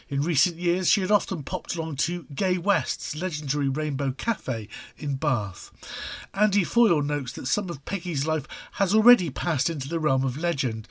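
Guy reading the news on a radio show, kinda husky, dry close mic, steady pace. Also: fairly high pitch, no echo. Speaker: radio co-host and newsreader. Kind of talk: casual chat and read news bulletin.

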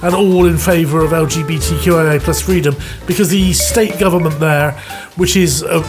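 A man co-hosting a podcast, going over news in a measured way with uhs. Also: a little high, steady tone. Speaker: podcast co-host. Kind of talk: news chat. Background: music.

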